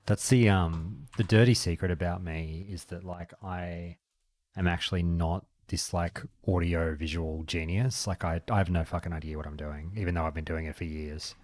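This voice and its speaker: Chatty, swearing man, deep voice. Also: steady tone, moderate pace, darkish tone, no echo. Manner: chatty, swearing, acts out anecdotes. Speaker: streamer and podcast host. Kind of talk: casual chat on a game stream. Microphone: desk microphone.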